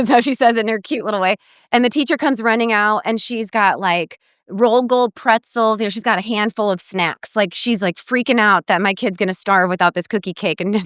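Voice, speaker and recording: Woman guest dietitian, middle-aged, animated storyteller; clear, crisp voice. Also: mid-range voice, normal speed, no room sound, clean studio sound. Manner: warm storytelling, animated quoting of others. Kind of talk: podcast interview.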